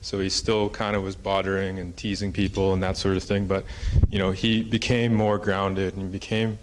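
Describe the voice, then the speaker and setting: Man, fairly low voice, casual storyteller, filler-heavy, slight background hiss. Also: little pitch movement, normal speed. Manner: casual and rambling, with many fillers. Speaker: presenter and storyteller. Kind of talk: oral storytelling in a conference talk. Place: conference hall.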